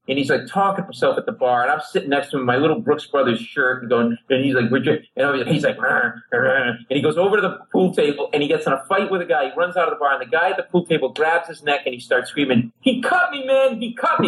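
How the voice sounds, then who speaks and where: A man's voice: fairly high pitch, low-quality recording. A middle-aged man from Rhode Island, a comedian telling a long story on a talk show and acting out the people in it. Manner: animated, acts out characters in his stories. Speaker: comedian guest.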